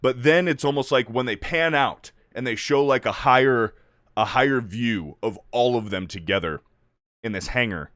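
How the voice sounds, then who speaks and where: Male reviewer, casual rant, profane and exasperated, middle pitch, dry close sound. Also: normal speed, a bit bright, no echo. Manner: exasperated, profane, acts out characters in mocking voices.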